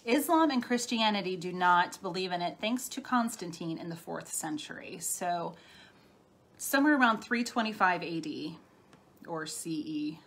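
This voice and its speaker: A woman's voice: fairly low pitch, animated, moderate pace, a bit bright. A middle-aged woman talking casually on a live stream as a spiritual healer, chatty and laughing often as she answers viewer comments. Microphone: phone or webcam.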